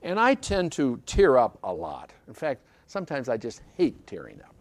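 A man's voice: medium pitch, huge pitch swings, moderate pace, dry recording. A man preaching a sermon in an emphatic way, repeating key phrases and often checking with listeners by asking "okay?". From British Isles.

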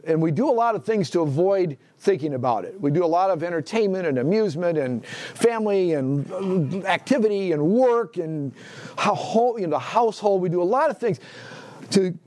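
A man's voice: high voice, lively intonation, normal speed, a little mellow. A man teaching a Bible class in a conversational way, asking the class questions, echoing their answers and restarting phrases as he thinks aloud.

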